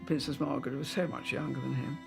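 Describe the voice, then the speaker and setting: A woman in her eighties, a former lady-in-waiting, recalling old memories in an interview with fond, halting storytelling. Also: rumbling low, steady tone, gravelly, over music. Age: 80s. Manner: hesitant, fond storytelling with fillers. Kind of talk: interview reminiscence.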